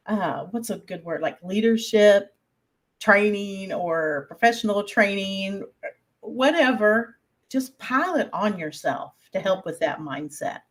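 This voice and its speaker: A woman with a Southern US accent co-hosting a podcast, chatting casually in a folksy way and laughing often. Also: medium pitch. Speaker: podcast co-host. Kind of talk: casual chat.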